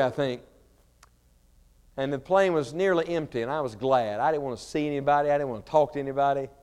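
A man preaching a sermon, swinging between shouted fervor and quiet storytelling. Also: a little high, clean tone. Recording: reverberant large hall.

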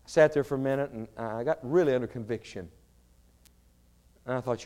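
A man preaching a sermon, swinging between shouted fervor and quiet storytelling. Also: mid-range voice, brisk, pauses often. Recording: reverberant large hall.

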